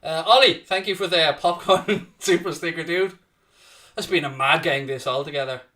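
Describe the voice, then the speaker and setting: Man, football watchalong host, sweary banter, high voice, picked up from a distance. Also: moderate pace. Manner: swearing, excitable, cheering on his team and winding up rivals. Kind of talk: live reactive match commentary, casual banter.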